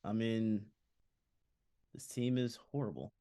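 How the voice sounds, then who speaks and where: A man's voice: on the low side, animated, slow, mellow, clean tone, dry recording, clean studio sound. A man co-hosting a casual sports podcast, laid-back and sarcastic. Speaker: podcast co-host.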